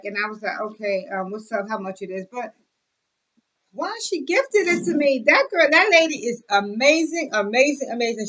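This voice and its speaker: A young adult woman with a fairly high voice chats straight to camera. She is effusive and loose, full of fillers and little asides. She sounds relaxed and friendly as she shows off a bag. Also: rough recording. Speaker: vlogger. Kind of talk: casual show-and-tell chat.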